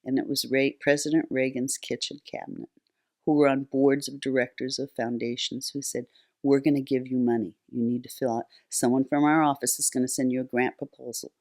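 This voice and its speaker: A woman's voice: rumbling low, little pitch movement, brisk, darkish tone. An older woman, a guest on a talk show, telling long stories in a chatty way with many fillers and restarts. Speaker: guest, nonprofit founder. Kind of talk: conversational storytelling.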